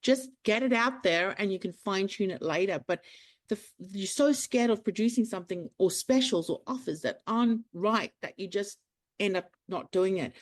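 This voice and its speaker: A woman, a clinic owner talking as a podcast guest, animated, acting out the voices in her stories. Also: medium pitch, moderate pace. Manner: animated storyteller, acts out quotes. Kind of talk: casual interview chat.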